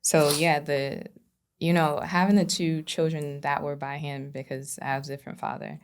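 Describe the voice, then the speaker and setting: A woman's voice: low-pitched, flat delivery, normal speed, a little hiss or hum. A middle-aged woman, a podcast guest, earnestly recounting her own experiences with many "you know" fillers. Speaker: podcast guest, abuse survivor. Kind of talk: candid personal storytelling.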